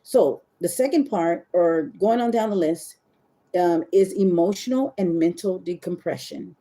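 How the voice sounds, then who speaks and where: A middle-aged woman hosting a casual live stream, chatty and animated, talking straight to her viewers and often stopping to correct herself. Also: lowish voice, measured pace. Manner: self-correcting, searches for words. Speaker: webcam model host.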